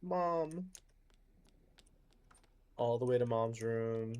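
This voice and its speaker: Woman streamer, very deep voice, chatty live commentary over a game, quick reactions and repeated phrases, faint hiss behind. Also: darkish tone. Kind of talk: casual gameplay commentary.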